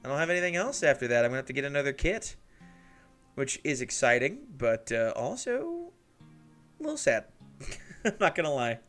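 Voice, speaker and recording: A man at his home hobby desk, hosting a relaxed livestream in an everyday middle-pitched voice. He chats easily with viewers and laughs often. Faint music runs quietly beneath him. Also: moderate pace, pauses often. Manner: chatty, laughs often, talks to chat viewers by name. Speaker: livestream host building miniatures. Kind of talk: casual livestream chat.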